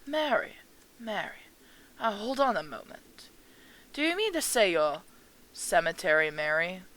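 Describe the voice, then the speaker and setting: A woman voicing a gentle, grieving elderly mother at a funeral, speaking softly and slowly with a tremble, for a game. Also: on the low side, very animated, rough recording. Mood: startled.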